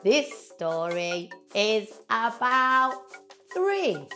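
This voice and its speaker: Animated British woman telling a children's story. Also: lowish voice, takes it slowly, soft background music. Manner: animated and playful, drawing words out.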